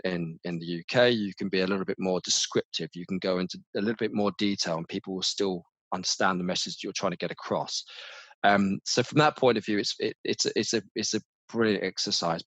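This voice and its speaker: A middle-aged man talks in a low, dry voice. He speaks in a lively, animated way, often repeating and restarting words as he thinks aloud. It sounds like a relaxed interview recorded close to the mic. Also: slightly rough, dry recording. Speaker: marketing manager, interview guest. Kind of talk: casual interview chat.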